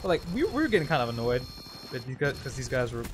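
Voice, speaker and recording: A man's voice: medium pitch, big pitch swings, quick pace, noisy background. A man giving casual, jokey, rambling commentary over his own gameplay. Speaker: gaming commentator.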